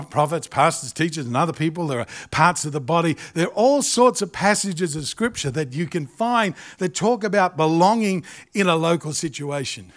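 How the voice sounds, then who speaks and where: A middle-aged man with an Australian accent preaching a sermon, animated and jokey, acting out little asides. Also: on the high side. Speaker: pastor.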